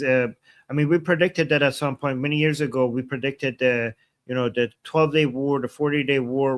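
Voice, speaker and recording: A man hosting a political livestream, thinking aloud with ums, thanking viewers and asking his guest questions. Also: mid-range voice. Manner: musing, hesitant, reads viewer super chats. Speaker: livestream host. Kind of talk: live-stream political talk.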